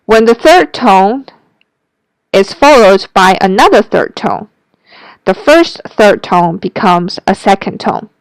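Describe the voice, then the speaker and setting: Narrating a Mandarin pronunciation lesson, a woman speaks slowly and carefully, modeling every syllable so the listener can repeat it. She has an animated, smooth and clear voice at medium pitch. It's recorded close and dry with no room sound at all.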